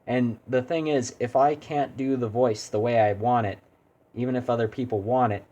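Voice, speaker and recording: A man's voice: mid-range voice, steady tone, normal speed, dark tone, highs cut off. A man streaming a video game, chatting casually and critiquing his own attempts at doing voices. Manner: rambling, self-deprecating. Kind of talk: casual gaming stream chat.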